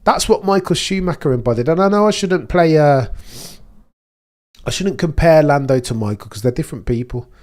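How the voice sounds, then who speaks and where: A man's voice: a little high, animated, moderate pace, a little mellow. Opinionated man ranting on stream. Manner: opinionated, rambling, restarts mid-sentence. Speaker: livestream host. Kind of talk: casual live commentary.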